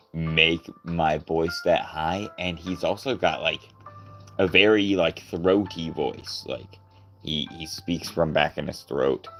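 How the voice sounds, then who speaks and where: A man's voice: a bass voice, bright, forceful tone. A man chatting casually on a live stream, goofy and rambling, laughing often and trying out character voices.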